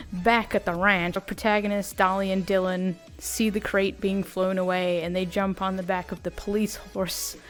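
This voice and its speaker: A woman giving a casual, animated recap of a cartoon while she draws, slangy and amused. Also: mid-range voice. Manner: animated, amused, often laughing; slangy, conversational. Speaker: video creator.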